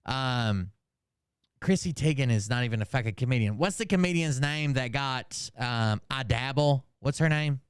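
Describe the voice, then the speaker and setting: A man with a medium-pitched voice talks at a normal speed, his tone clean and the recording free of room sound. He hosts a commentary channel, chatting casually and rambling. He keeps forgetting names and tosses in profane asides.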